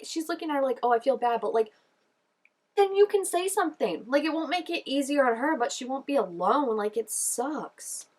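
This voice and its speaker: A woman giving casual reaction commentary on a TV episode. She gushes and chats, fills her talk with "like" and "oh my gosh", and jumps up in pitch when excited. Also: slightly rough. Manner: gushing and chatty, full of "like" and "oh my gosh". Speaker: show reaction vlogger.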